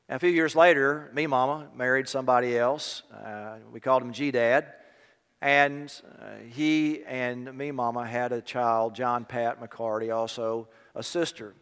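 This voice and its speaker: A man preaching a sermon, easing from a quiet personal story into emphatic preaching. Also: medium pitch, smooth, long reverb tail. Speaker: pastor.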